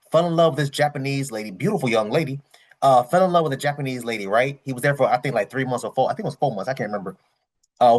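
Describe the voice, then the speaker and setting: A man hosting a casual reaction commentary, rambling and candid, full of slang, repeating his points. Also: medium pitch. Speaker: reaction channel host.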